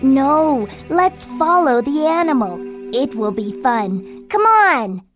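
A woman's voice: sits high, lively intonation, slow pace, over music. A woman voicing a curious, stubborn older boy frog in a children's storybook, speaking in a playful, insistent way. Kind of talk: storybook acting.

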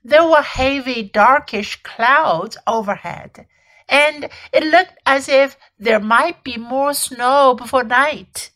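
A woman teacher reading a classic children's novel aloud for learners. Her voice is high and she reads slowly. Each sentence comes clear and measured. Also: pushed and bright, poor audio. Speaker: English teacher.

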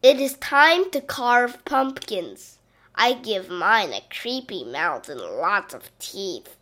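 A woman reading a children's Halloween picture book aloud, slow and expressive, with playful sound effects. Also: medium pitch. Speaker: storybook reader.

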